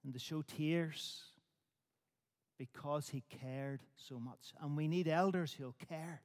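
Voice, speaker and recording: High-voiced guy preaching, repeats phrases for emphasis, big echoey hall. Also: a little mellow. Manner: measured, repetitive emphatic phrasing. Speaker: pastor. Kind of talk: sermon.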